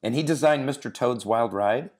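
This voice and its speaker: A man's voice: mid-range voice, normal speed, a little mellow. A man hosting a podcast interview, enthusiastic and feeling his way through his questions. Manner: enthusiastic, searching for words with fillers. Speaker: podcast host. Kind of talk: interview conversation.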